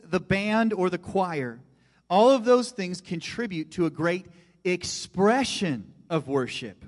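A middle-aged male pastor preaching with animated energy, pushing some phrases out loud and dropping others to a hush. His voice sits a little high for a man, and a long reverb trails every phrase, as in a large church. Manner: animated preaching, swings from loud emphasis to hushed asides. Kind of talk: sermon.

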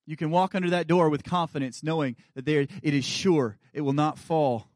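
Male guest preacher, 30s, earnest sermon delivery, a bit high in pitch, dry close-miked sound. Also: fairly even intonation, normal speed, no echo. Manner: earnest preaching, dropping to soft quiet asides. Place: church sanctuary.

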